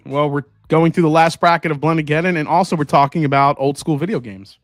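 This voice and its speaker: A man's voice: on the high side, fast, hardly any pauses, no echo, soft background music. Chatty man hosting a live tasting. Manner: chatty, rambling, reads out viewer comments. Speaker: host. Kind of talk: casual live tasting chat.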